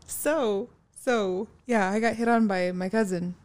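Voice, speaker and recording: A woman's voice: medium pitch, fairly even intonation, measured pace, darkish tone. A young woman co-hosting a casual chat, blunt and sweary, laughing through her stories. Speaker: podcast co-host.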